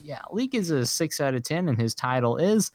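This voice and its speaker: A man's voice: a little high, normal speed, no echo, studio quality. Laughing man in casual podcast chat. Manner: laughs often, animated storytelling. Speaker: podcast co-host.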